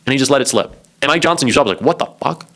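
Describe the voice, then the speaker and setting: A man's voice: medium pitch, very fast, a bit bright. A man giving sarcastic, mocking and profane political commentary.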